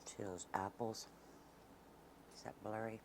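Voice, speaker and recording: A folksy cooking channel host chats casually while baking in her home kitchen, sometimes dropping almost to a whisper. Her voice is very deep, with a level tone and measured pace, and there's noise in the background.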